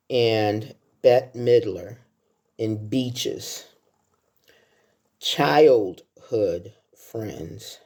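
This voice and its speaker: A woman's voice: very deep voice, dark tone. A woman in her sixties talking casually through a countdown of her favorite films, telling heartfelt stories along the way. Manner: chatty, heartfelt storytelling. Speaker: film vlogger. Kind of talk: casual film countdown talk.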